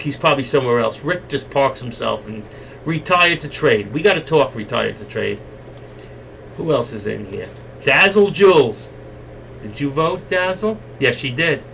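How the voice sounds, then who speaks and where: A man hosting a live trading stream, coaxing and teasing his viewers and now and then breaking into loud shouts. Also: mid-range voice, creaky. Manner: coaxing, teasing and exasperated with the chat. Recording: distant mic, faint room noise.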